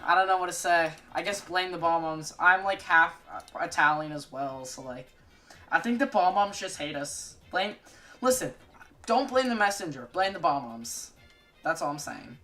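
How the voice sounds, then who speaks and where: A woman giving casual gaming commentary, excitable, jokey and swearing a lot. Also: fairly low pitch, normal speed, soft background music. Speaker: gaming video creator.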